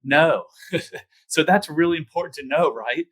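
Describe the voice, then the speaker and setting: A man's voice: on the high side, normal speed, fairly bright tone, breathy edge, poor audio. A man hosting a podcast interview, probing and restating the guest's points with follow-up questions. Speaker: podcast host. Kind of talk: conversational interview.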